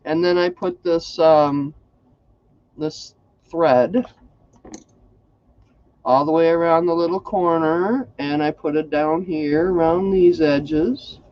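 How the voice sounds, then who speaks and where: A man's voice: fairly high pitch, fairly even intonation, slow, long pauses, dull audio, slight background noise. A man hosting a casual crafting livestream, chatty and folksy, greeting viewers by name.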